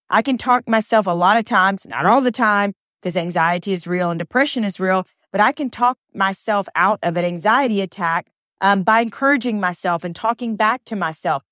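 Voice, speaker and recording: A woman hosting a podcast, giving an earnest, animated motivational talk full of repeated phrases. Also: mid-range voice, no echo, clean studio sound. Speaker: podcast host and coach.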